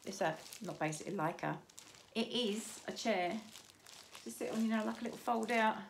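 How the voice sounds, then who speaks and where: A chatty woman in her fifties walks through her shopping haul, rambling and restarting as she goes. Her voice has a gravelly edge, and clear background noise runs under the recording. Her pitch sits in a middle range for a woman. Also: moderate pace. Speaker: vlogger showing a shopping haul. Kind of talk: casual haul chat.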